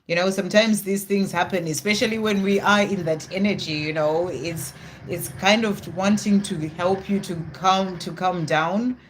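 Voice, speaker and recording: Live tarot reader, middle-pitched, reassuring, chatty fillers, thinks aloud between cards. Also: steady tone, normal speed, slight background noise. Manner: reassuring, talks straight to the viewer with many "you know" fillers. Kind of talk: live card reading with viewers.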